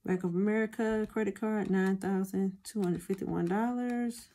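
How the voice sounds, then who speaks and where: Woman vlogger, casual and chatty, mid-pitched voice, talks straight to camera viewers. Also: steady tone, normal speed, dark tone. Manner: chatty, addresses viewers as y'all. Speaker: budgeting vlogger.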